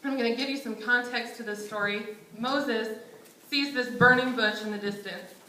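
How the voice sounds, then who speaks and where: A woman's voice: fairly high pitch, steady tone, moderate pace, sharp tone, a little hiss or hum. A young woman preaching a conversational sermon in a church, casual and self-deprecating, often chuckling. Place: church sanctuary. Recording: roomy church sanctuary echo.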